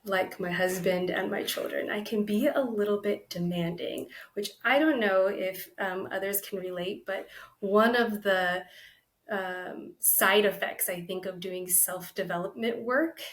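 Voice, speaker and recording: A woman guest on a podcast, speaking slowly and thoughtfully about personal growth. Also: medium pitch, echoey room. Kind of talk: reflective conversational interview.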